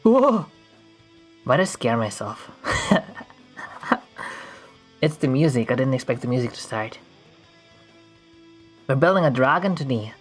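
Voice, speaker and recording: A woman's voice: extremely low pitch, lively intonation, unhurried, pauses often, slightly rough, faint music behind. A woman streaming while she draws, chatting casually with viewers in a playful, goofy way and often laughing. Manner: playful and goofy, breaks into laughs and silly voices. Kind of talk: casual livestream chat while drawing.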